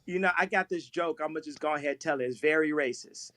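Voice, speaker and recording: A man telling stories in casual talk on a live stream, animated, laughing often and repeating himself. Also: a little high, quick pace. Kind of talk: casual storytelling.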